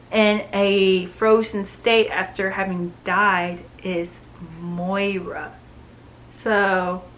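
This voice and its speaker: A woman's voice: mid-range voice, fairly bright tone, a little hiss or hum, poor audio. A woman giving a casual, enthusiastic book review, recapping the plot in a chatty way with frequent "like" and "you know". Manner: chatty and enthusiastic, with many fillers.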